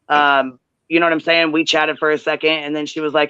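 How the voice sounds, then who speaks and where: A woman hosting a livestream, telling a heated story in profane, animated detail and acting out quoted chats. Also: deep voice, fairly quick, hardly any pauses, no echo. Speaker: livestream host. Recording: dull lo-fi livestream audio.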